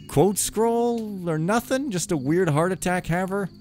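His voice is high-pitched with a darkish tone, and he's unhurried. The man hosts a let's play, rambling through wry, joking commentary to himself while game music plays in the background.

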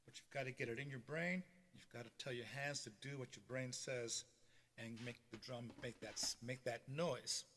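Step by step, a male drum teacher explains hand technique in a beginner lesson streamed live, often pausing on "okay" to check in. He talks at normal speed in a fairly bright, mid-range voice with fairly even intonation; the room is reverberant, and drums sound between phrases.

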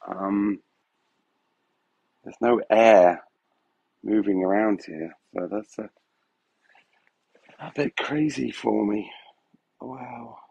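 A man with a low, gravelly voice and a husky edge chats loosely on a live stream, stopping often to hesitate. The sound is dull and lo-fi, like a phone mic in a dry room. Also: drawn-out words, long pauses, darkish tone, no echo. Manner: rambling, hesitant, full of fillers, emotional. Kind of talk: casual live-stream chat.

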